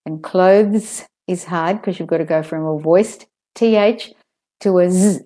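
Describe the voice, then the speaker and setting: A woman teaching pronunciation in an online lesson, calmly drilling word pairs and sentences. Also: on the low side. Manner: slow, careful drills with clear word pairs.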